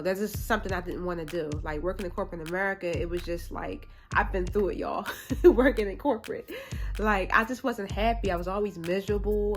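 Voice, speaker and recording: A woman fashion influencer hosting a casual Q&A vlog. She talks in an upbeat, chatty way and fills her speech with "like.". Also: mid-range voice. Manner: upbeat and chatty, lots of "like" fillers. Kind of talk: casual Q&A chat.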